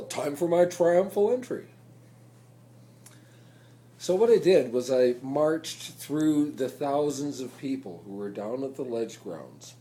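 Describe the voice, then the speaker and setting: A man, telling a rambling story to a phone camera in a casual, drawn-out way. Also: mid-range voice, a little hiss or hum. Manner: rambling, slow, drawn-out delivery; loud and excited when reenacting chants. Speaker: vlogger.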